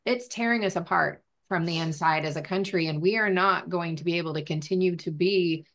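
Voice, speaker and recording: Encouraging woman podcast host, lowish voice. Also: a little fast. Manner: energetic, encouraging, outspoken. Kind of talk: interview conversation.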